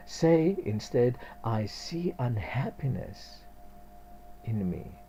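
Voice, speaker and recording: A man's voice: on the low side, lively intonation, slow pace, warm tone, husky, muffled recording, faint music behind. A man hosting a spiritual radio talk, reflective and chuckling often.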